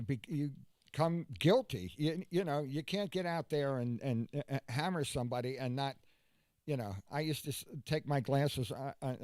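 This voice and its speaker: A man talking in a casual chat, halting and full of fillers as he recalls his comedy past. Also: a little high, darkish tone, no echo, clean studio sound. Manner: halting, full of "uh" and "you know".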